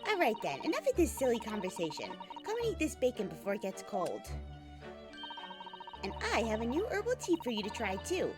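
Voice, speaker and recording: A woman's voice: fairly high pitch, huge pitch swings, brisk. Woman reading as a cheerful young lodger. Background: game music.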